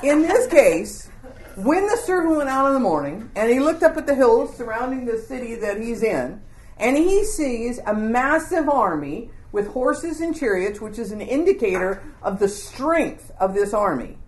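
In an echoey room, a woman with a voice on the high side leads a group through a Bible lesson at a moderate pace. She tells the story informally and with animation, stopping to ask the group questions.

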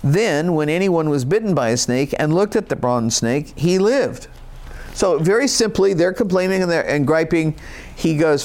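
Conversational pastor with a fairly high voice. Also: male voice, moderate pace, darkish tone. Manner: conversational, folksy asides while teaching scripture. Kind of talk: sermon.

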